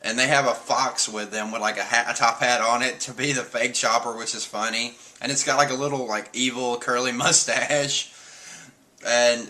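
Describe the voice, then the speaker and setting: A man's voice: medium pitch, fairly even intonation, moderate pace, pushed and bright. A man streaming, casually rambling through a comic chapter review, chuckling often and swearing now and then. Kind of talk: casual chat.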